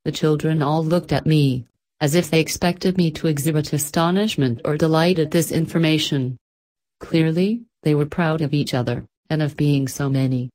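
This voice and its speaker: Calm female audiobook narrator with a low voice and measured pacing. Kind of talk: scripted narration.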